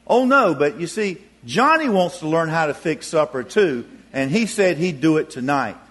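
A man's voice: a little high, animated, moderate pace, fairly bright tone. A man voicing a sly little girl who blackmails her brother, sweet and innocent-sounding. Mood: sweetly scheming.

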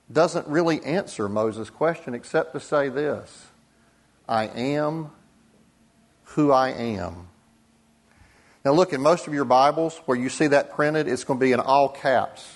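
A man preaching a sermon as pastor, deliberate, with dramatic pauses and soft drops for emphasis. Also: medium pitch.

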